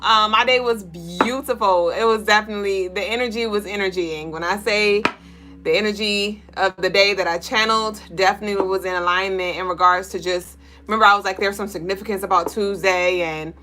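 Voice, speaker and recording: A woman's voice: mid-range voice, noisy background. A young woman hosting a spiritual livestream, reading out viewer comments and greeting people by name in loose, playful chat, swearing freely and laughing often.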